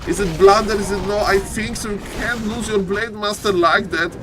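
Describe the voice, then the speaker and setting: A man casting a live strategy game, excitable, jumping to high yelps at big plays. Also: moderate pace, over music. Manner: keeps repeating "ladies and gentlemen". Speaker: esports caster.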